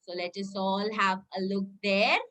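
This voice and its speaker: A woman's voice: mid-range voice, little pitch movement, moderate pace, pushed and bright. A woman kindergarten teacher giving an online lesson to young children, coaxing and cheering in a sing-song, exclamatory way.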